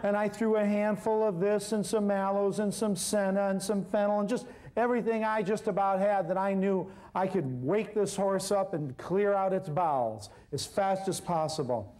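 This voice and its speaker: A man telling an animated story to an audience, acting out the people in it as he goes. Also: sits high, normal speed, few pauses. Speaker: herbal healer telling a story on stage. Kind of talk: storytelling lecture.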